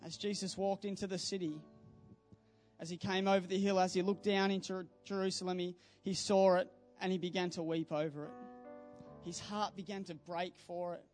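High-voiced youth pastor preaching. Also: male voice, little pitch movement, moderate pace, darkish tone, soft background music. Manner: earnest preaching, building to fervent exhortation. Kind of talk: sermon. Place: church service.

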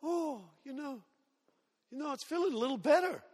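A man voicing a teenage girl who talks in a halting, breathless, stammering way. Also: high-pitched, lively intonation, a little mellow, big-room sound, voice pushed up. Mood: hesitant. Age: teens. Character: teenage girl, hurting then amazed.

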